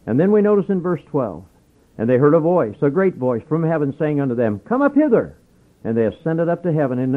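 Radio preacher guy, fervent, gets loud then goes quiet, thin phone-like sound. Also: mid-range voice. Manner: fervent preaching, swinging from loud urging to hushed asides. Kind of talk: radio sermon. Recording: narrow lo-fi radio broadcast sound.

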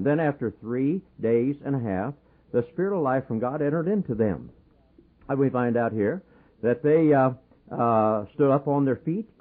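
Husky guy preaching on old radio, fervent, pleading, thin phone-like sound. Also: mid-range voice. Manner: fervent, pleading, rises to loud exhortation. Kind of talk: sermon. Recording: tinny phone-like radio broadcast.

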